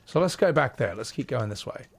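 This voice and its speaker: A man's voice: medium pitch, expressive, a little fast, vocal fry, breathy edge. A man with a put-on Scottish accent, live-streaming a horror game and chatting casually with viewers, swearing freely and thanking chat. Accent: exaggerated put-on Scottish.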